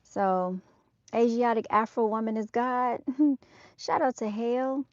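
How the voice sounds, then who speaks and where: A woman with a slightly mellow voice on the high side speaks at a measured pace, with no echo. She's live-streaming from an outdoor motorcycle show on her phone, chatting directly and casually with viewers she calls "y'all," in a dull, dry lo-fi recording.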